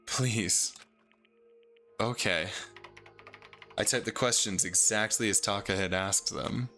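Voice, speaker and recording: A man's voice: fairly low pitch, fairly even intonation, normal speed, sharp tone, faint music behind. A man streaming a visual novel, reading it aloud and reacting with incredulous swearing.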